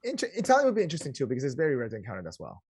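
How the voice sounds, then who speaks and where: A man co-hosting a casual podcast chat, excitable and quick to interrupt with questions. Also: mid-range voice, slightly rough, no room sound, clean studio sound. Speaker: podcast co-host.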